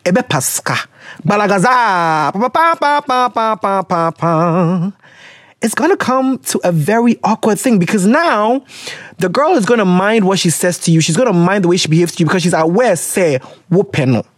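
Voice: mid-range voice, lively intonation, fairly quick, no room sound, clean studio sound. A podcast host with a Ghanaian accent, giving casual advice on listeners' letters and slipping Twi phrases into English.

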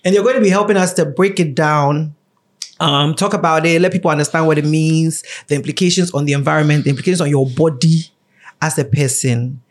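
A young man with a Ghanaian accent hosts a podcast in an easy, playful way. His voice sits a little high for a man, and he laughs often as he chats. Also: steady tone, fairly quick. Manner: chatty and playful, laughs often, switches into a mock radio voice. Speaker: podcast host. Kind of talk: casual chat.

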